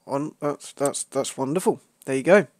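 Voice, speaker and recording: A man's voice: mid-range voice, normal speed, dry recording, clean studio sound. A man hosting a casual gaming podcast, joking and laughing often. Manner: laughing, joking, fond of memes. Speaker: podcast host.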